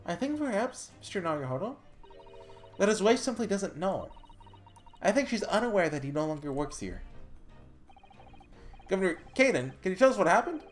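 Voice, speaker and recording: Animated player reading a game aloud. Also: medium pitch, moderate pace, long pauses, soft background music. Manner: animated, chatty, stumbles over lines. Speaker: let's player. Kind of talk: casual game commentary, reading dialogue aloud.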